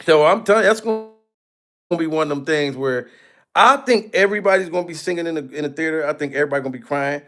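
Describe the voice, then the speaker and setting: A man hosting a livestream, chatting casually, laughing often, swearing freely and shouting out donors. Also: a little high, fast talker. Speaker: livestream host.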